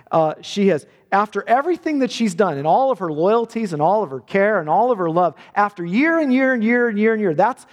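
A man's voice: high-pitched, big-room sound. A man preaching a sermon, earnest, often repeating words as he builds a point.

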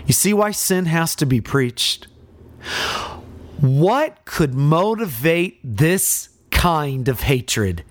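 A man's voice: fairly high pitch, dry recording. A pastor delivers an expository sermon with drama, pressing his listeners with questions. His voice rises and falls widely. The recording is dry and close.

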